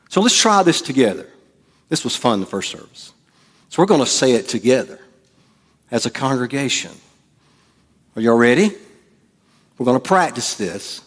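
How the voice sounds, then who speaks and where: A middle-aged man, preaching a sermon as pastor, swinging from hushed asides to loud, animated delivery. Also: medium pitch, normal speed, long pauses, husky, big-room sound.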